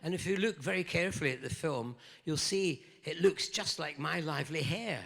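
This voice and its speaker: A man's voice: fairly high pitch, fairly quick, vocal fry, fairly bright tone. An older Scottish man, a guest actor at a fan convention Q&A, telling playful, jokey anecdotes. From Scotland. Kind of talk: lively anecdotal storytelling. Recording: echoey convention hall.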